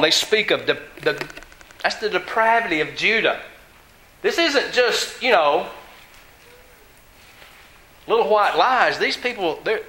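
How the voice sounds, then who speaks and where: A man's voice: sits high, sharp tone, echoey room, poor audio. A man preaching a sermon in an earnest, conversational way, often asking his listeners questions.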